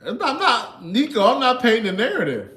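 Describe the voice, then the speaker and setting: A man's voice: very high-pitched, huge pitch swings, fairly quick, sharp tone, roomy sound. A man in his thirties hosting a casual livestream, laid-back and chuckling, often tagging his lines with "you know" and "man". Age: 30s. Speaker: livestream host.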